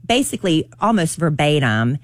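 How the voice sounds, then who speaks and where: A woman's voice: deep voice, moderate pace, dry recording, clean studio sound. A woman co-hosting a morning radio show, chatting expressively about things that annoyed her. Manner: expressive, indignant when ranting. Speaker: radio co-host. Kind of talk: casual morning show banter.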